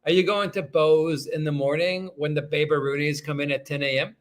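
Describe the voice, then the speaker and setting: A man's voice: fairly high pitch, fairly even intonation, moderate pace. A man hosting a casual livestream, reading viewer comments aloud and rambling in a self-deprecating way as he thanks each viewer.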